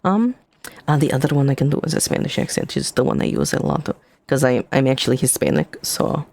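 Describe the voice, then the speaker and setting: A woman's voice: very deep voice, big pitch swings, a little fast, creaky, darkish tone. A woman streamer and game master chatting casually in a flirty, playful, laid-back manner. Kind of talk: casual chat.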